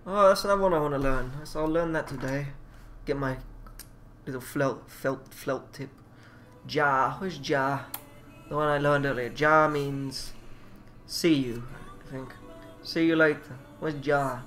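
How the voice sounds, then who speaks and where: Man, rambling, swearing, slightly high voice, faint background music. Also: fairly even intonation, measured pace, a bit bright. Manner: rambling, swears, mumbles while reading aloud. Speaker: vlogger. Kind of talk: casual self-taught language study.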